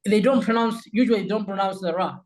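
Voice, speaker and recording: A man's voice: high-pitched, brisk, poor audio. A man whose first language is Arabic, hosting a talk and explaining English accents, often addressing viewers as "guys" and repeating phrases. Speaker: host.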